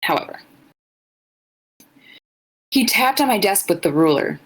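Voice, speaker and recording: A woman's voice: medium pitch, big pitch swings, a little slow, fairly bright tone, husky, poor audio. A young woman co-hosting a podcast, blunt and joking as she reads fan fiction aloud in casual chat. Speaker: podcast co-host.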